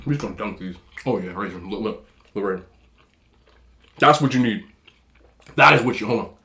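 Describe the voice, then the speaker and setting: This man's slightly nasal voice runs on the low side, yet it comes across animated, bright and pushed, moving a little fast. He's a food vlogger rambling through a casual mukbang, chatting between bites as he eats for the camera.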